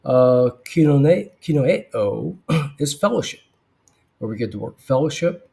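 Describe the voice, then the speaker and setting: A man teaching biblical Greek verse by verse, thoughtful, with frequent fillers and throat clearing. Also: mid-range voice, big pitch swings, measured pace, dark tone.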